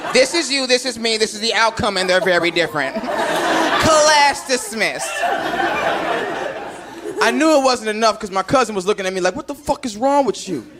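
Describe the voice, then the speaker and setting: A man's voice: very high voice, very noisy. A man from Chicago doing a stand-up routine, telling a story and acting out the voices of people in it. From Chicago, USA. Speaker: stand-up comedian. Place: comedy stage before a live audience. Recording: live club recording with loud crowd. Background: loud audience laughter.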